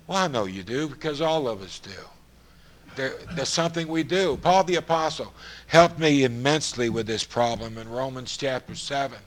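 A man delivering a sermon to his listeners. His voice sits in a middle register and climbs into loud, emphatic stretches, sometimes slowing to stress a point. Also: medium pitch. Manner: rising to loud, emphatic passages. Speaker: preacher.

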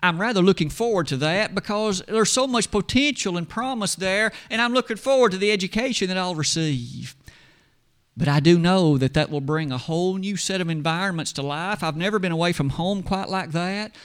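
A man acting out an eager young male student who asks Jesus for advice, earnest and excited. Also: high-pitched, a little fast, smooth, lightly acted.

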